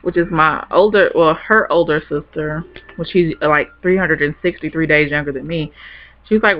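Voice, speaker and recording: A woman's voice: low voice, normal speed. A young woman telling a personal story in a rambling, chatty way, laughing easily. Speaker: vlogger. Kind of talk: casual storytelling to camera. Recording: dull lo-fi webcam audio.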